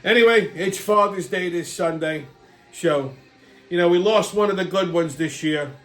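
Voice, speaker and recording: A man's voice: sits high, normal speed, faint music behind. A middle-aged man, hosting a casual, profane, rambling monologue. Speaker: host.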